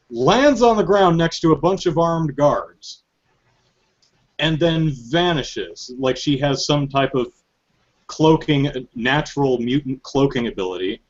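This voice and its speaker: A man hosting a podcast in casual chat, telling stories in an animated, joking way. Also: medium pitch, dull audio. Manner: animated, joking storytelling with frequent laughs. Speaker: podcast host.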